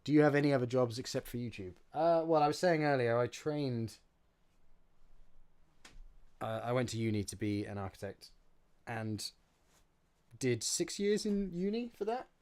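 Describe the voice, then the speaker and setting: A man's voice: medium pitch, expressive, normal speed, long pauses, a little mellow. A young man chatting casually on a live stream while building props, reading out chat and joking about his own mess. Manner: chatty, self-mocking, reads chat aloud and answers.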